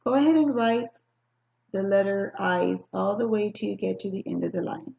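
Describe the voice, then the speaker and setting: A woman teaching a recorded phonics lesson to young children, speaking patiently and slowly, spelling out sounds and pausing for answers. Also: mid-range voice, gravelly, muffled recording. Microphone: screen-recording computer mic.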